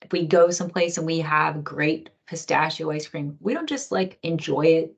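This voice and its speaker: Woman, middle-aged, lower voice, casual lecturer at a clinical training. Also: moderate pace, gravelly, slightly rough. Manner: conversational, lots of fillers and acted quotes. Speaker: physician trainer.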